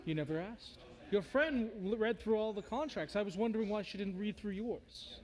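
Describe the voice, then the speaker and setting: A man's voice: high voice, moderate pace, voice pushed up, natural voice. A man voicing a sly, mock-polite bone devil who trades in contracts. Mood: smug. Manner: silky, mock-courteous.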